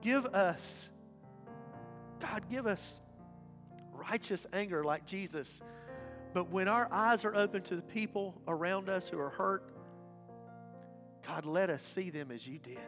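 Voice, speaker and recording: A man preaching a sermon as pastor, impassioned, swinging from loud declarations to hushed asides. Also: high-pitched, lively intonation, measured pace, pauses often. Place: church sanctuary. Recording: reverberant church hall with faint music.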